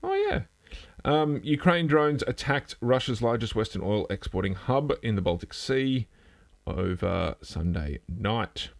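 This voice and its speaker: A man's voice: lowish voice, lively intonation, a little slow, creaky. A man hosting a casual live news stream from a home setup, rambling and self-deprecating, trailing off and restarting as he goes. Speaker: host.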